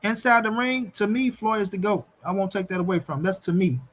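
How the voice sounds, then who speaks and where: A man's voice: high-pitched, steady tone, brisk, fairly bright tone. A man hosting a boxing channel, talking bluntly and with lots of profanity straight to his viewers on a livestream, and repeating his points for emphasis. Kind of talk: livestream commentary rant.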